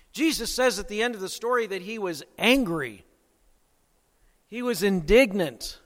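A man preaching a sermon with dramatic swings in loudness and pace. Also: sits high. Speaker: pastor. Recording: long hall reverb.

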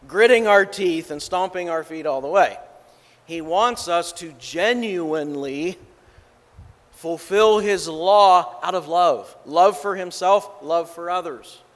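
Male preacher, sermon, slow and deliberate with stressed key words. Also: high-pitched, in a large hall. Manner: measured, emphatic delivery.

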